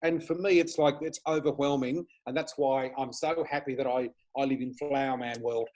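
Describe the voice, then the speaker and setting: An Australian man guesting on a video podcast, talking with lively, excitable enthusiasm about spiritual matters. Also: mid-range voice, normal speed, poor audio. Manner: enthusiastic, excitable, laughs often. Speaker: flower reader guest. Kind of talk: casual spiritual chat.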